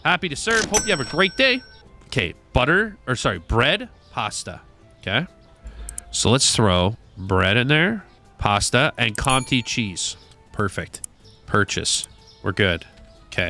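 This gaming YouTuber's mid-range voice sounds pushed and bright as he plays a shop game. In a playful let's-play style, he banters with customers in the manner of a cheery shopkeeper.

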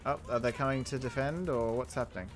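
A young man hosting a let's play, chatting excitably and joking at himself over the game. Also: mid-range voice, fast, soft background music. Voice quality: chatty, excitable, self-mocking. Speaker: gaming channel host.

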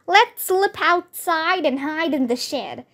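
A curious young boy from a storybook who talks thoughtfully and in hushed tones as a woman reads him aloud. The voice sits high and moves slowly. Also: lively intonation, exaggerated voice.

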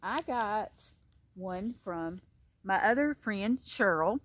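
A woman's voice: mid-range voice, expressive, slow. An older woman, chatting casually in a show-and-tell vlog and gushing over gifts she received. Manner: gushing, effusive, repeats "gorgeous" and "beautiful". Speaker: crochet vlogger.

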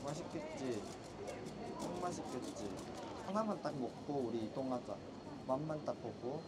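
A man chatting casually in a travel vlog outdoors on a city street, relaxed and chatty about food. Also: medium pitch, very fast. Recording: loud street noise and traffic.

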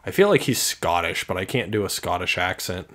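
A man's voice: sits low, very animated, fairly quick, a bit bright. A young man casually commenting on a video game he is playing, wry and self-deprecating. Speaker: let's player. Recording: faint game music behind.

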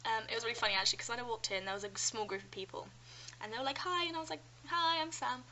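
A woman's voice: a little high, rapid-fire, slight background noise, poor audio. A nineteen-year-old woman from London with a British accent, chatting casually in a vlog and telling stories with lots of "like" and "um". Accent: British English. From London, England. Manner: chatty, animated storytelling with frequent "like" and "um". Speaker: vlogger. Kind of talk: casual chat.

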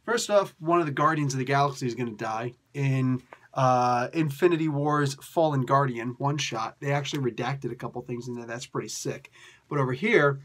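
A man reviewing a comic book in a casual, animated way, rambling with lots of fillers and restarts. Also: fairly high pitch, brisk.

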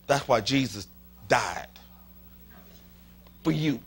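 A male pastor with a Southern US accent preaching an animated sermon in a church, leading his congregation in call and response and dropping to a whisper at times. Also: mid-range voice, slow pace, breathy edge. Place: church sanctuary.

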